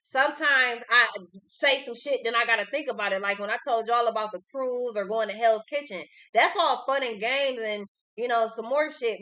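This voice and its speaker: A woman's voice: on the high side, pushed and bright. A young adult woman giving a casual tarot reading, blunt, outspoken and freely cursing. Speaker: tarot reader.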